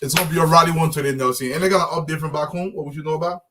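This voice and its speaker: Rapid-fire and sharp in tone, this Liberian host speaks in a fairly high voice that stays steady. He welcomes viewers of his casual live show by name, chatting in a warm, meandering style with lots of fillers and false starts.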